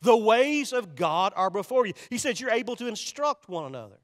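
High-voiced preacher in a reverberant church. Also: male voice, big pitch swings, brisk. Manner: emphatic, repetitive preaching with direct appeals to the congregation. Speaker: pastor. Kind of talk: sermon. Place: church sanctuary. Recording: long reverb of a large church sanctuary.

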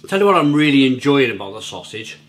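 A man's voice: medium pitch, very animated, fast, fairly bright tone. Chatty male food vlogger. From Britain. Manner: chatty, rambling, repeats words. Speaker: food and beer reviewer. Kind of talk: casual review vlog. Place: at home, near the grill.

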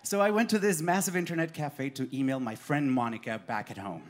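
A man performing autobiographical cabaret storytelling on a live stage, animated and laughing through his lines. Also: on the high side, fairly quick.

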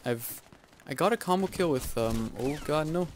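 A man giving live gameplay commentary, excitable and self-mocking, yelping and groaning as he plays. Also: on the high side, normal speed, a little hiss or hum. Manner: excitable, yelps and groans at in-game deaths; self-mocking, joking asides. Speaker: video game YouTuber. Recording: loud game gunfire under the voice.

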